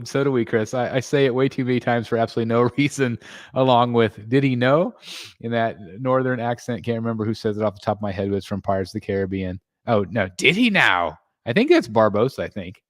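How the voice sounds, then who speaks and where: A man's voice: dry recording, clean studio sound. Chatty man hosting a live stream. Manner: chatty, reads viewer comments aloud and thanks members; excitable, jumps in pitch when greeting members. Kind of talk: casual live stream chat. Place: home room.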